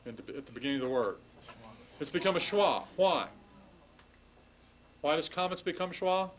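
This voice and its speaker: A man giving a recorded classroom lecture on grammar, explaining patiently, sounding out word forms slowly, and apologizing wryly for irregular forms. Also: on the high side, expressive, a little hiss or hum, poor audio. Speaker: language instructor.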